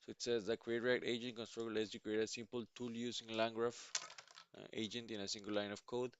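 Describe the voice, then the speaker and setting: A man live-streaming his coding, reading documentation aloud and musing with halting restarts; he sounds sleepy. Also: fairly low pitch, flat delivery, lo-fi sound, background noise. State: sleepy, yawning. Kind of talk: thinking aloud while reading docs.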